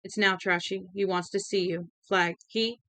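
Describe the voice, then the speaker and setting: A man's voice: sits high, fairly even intonation, normal speed, sharp tone. A woman voicing a hard-bitten male henchman who talks in a blunt, matter-of-fact way.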